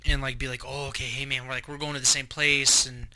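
Profane, bright-voiced young man telling stories. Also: mid-range voice, quick pace, a little hiss or hum. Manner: profane, animated storytelling. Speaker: podcast co-host. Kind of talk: casual chat.

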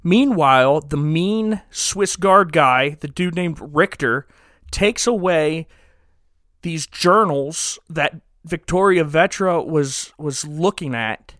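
Bright-voiced man doing a joking film recap. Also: a little high, no echo, studio quality. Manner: rambling, jokey, quick asides. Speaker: podcast co-host recapping a film. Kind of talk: casual comedic recap.

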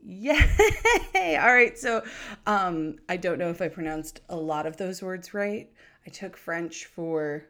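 A woman's voice: on the low side, unhurried. A woman hosting a podcast, chatting in a bubbly, enthusiastic way that rambles with fillers. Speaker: podcast host.

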